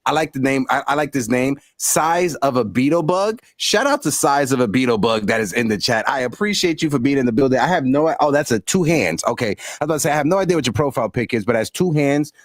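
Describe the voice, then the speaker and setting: Animated man hosting a sports stream. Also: medium pitch, quick pace, few pauses, dry recording, studio quality. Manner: animated, shouting out viewers, blunt slang. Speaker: host. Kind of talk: casual livestream chat.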